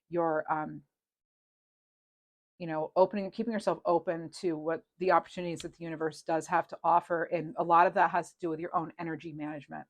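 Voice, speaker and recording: A woman reading tarot cards in a casual, rambling and reassuring way, with many fillers. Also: on the low side. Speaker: tarot reader.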